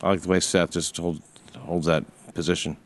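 A man's voice: low-pitched, flat delivery, normal speed. A man hosting a comedy podcast, swearing and joking through crude casual banter. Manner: profane, joking, laughs often.

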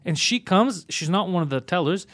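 A man's voice: sits high, animated, normal speed, fairly bright tone. A man, a podcast co-host telling a story in casual, profane chat.

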